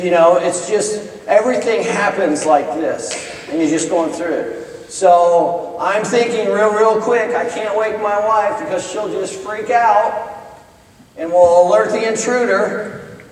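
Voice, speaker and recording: A middle-aged man from Iowa, a business professor speaking in chapel, telling a story with urgent bursts and hushed stretches. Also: high voice. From Iowa, United States. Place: large chapel hall. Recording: echoey hall, voice from far off.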